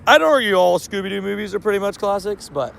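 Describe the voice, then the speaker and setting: Chatty man with a gravelly, fairly high voice. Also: quick pace, a bit bright, slight background noise. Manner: chatty, laughs often, trips over words. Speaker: mobile game streamer. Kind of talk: casual live-stream chat with viewers.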